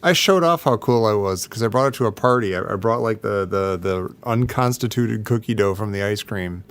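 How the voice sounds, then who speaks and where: A man co-hosting a podcast, joking about himself in a dry, deadpan way. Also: fairly low pitch, brisk, clear, resonant tone. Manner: dry, self-mocking humor. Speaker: podcast co-host. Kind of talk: casual chat.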